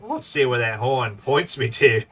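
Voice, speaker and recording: A nosy moth monster from a video game, digging for gossip, as a man reads him aloud. His voice sits at a middling pitch. He is heard off-mic over faint music. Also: very animated, measured pace, fairly bright tone, distant mic.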